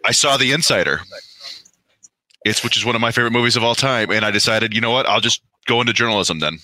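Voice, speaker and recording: A man's voice: mid-range voice, fast, pushed and bright, no echo. A man co-hosting a podcast in casual chat, easygoing with self-deprecating humor.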